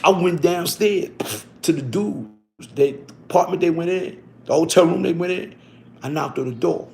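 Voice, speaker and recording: A man's voice: on the high side, moderate pace, vocal fry, a little mellow, a little hiss or hum. A man recounting his own past in casual street slang, tagging lines with "you heard," and stumbling and correcting himself when reading aloud from a book. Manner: slangy, loose delivery with frequent "you heard" tags.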